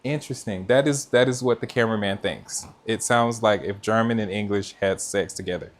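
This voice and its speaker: A man's voice: lowish voice, fairly quick. A man hosting a live cooking stream from his kitchen, chatting casually and talking straight to his viewers. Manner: chatty, talks straight to viewers and reads out their comments. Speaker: cooking livestream host. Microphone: mic with noise cancellation.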